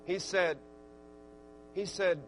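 A man with an Arkansas accent preaching a sermon, swinging from quiet asides to loud, emphatic peaks and restarting his words as he goes. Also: sits high, steady tone, slow, a little hiss or hum. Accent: Southern US, Arkansas.

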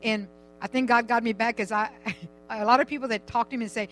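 A woman's voice: a little high, fairly even intonation, fairly quick, faint music behind, poor audio. An older woman giving a rambling, chatty personal testimony in church, laughing now and then as she talks.

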